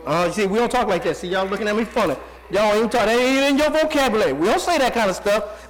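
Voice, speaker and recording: High-voiced preacher asking the crowd questions. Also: male voice, lively intonation, quick pace. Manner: rhetorical call-and-response questions; conversational, folksy preaching. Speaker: pastor. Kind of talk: sermon.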